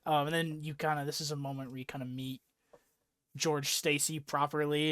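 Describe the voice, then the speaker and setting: A young man with a somewhat high voice rambles through a comic-book recap, swearing freely and leaning on "like". The sound is close and dry, with no room echo. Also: flat delivery, normal speed, fairly bright tone, smooth. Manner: rambling, profane, laughing recap with lots of "like". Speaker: podcast host recapping a comic. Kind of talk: casual chat.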